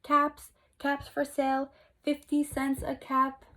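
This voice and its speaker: A woman doing an angry shouting cap peddler. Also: high voice, monotone, voice pushed up, heavily acted. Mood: calling out. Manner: scolding, shouting, slow and emphatic. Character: angry male cap peddler, grown man.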